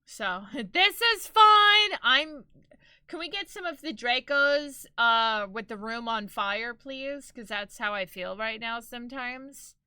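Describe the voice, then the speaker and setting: Bright-voiced chatty woman streamer. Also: on the high side, measured pace, few pauses, clean tone, dry recording. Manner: chatty, expressive, laughs often. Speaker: live streamer. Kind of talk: casual live-stream chat.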